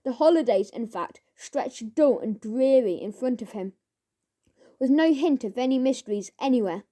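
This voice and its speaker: A woman narrating a children's audiobook in a measured storytelling manner. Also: fairly high pitch, expressive, dark tone.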